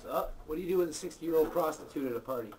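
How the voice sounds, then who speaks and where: High-voiced man telling crude jokes. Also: very fast, over loud music, low-quality recording. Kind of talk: telling dirty jokes among friends.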